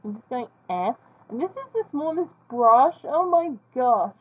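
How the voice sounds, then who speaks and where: A woman's voice: sits high, very animated, a little slow, husky, lo-fi sound. A woman giving casual, rambling, self-deprecating commentary while she draws for her video. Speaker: video creator.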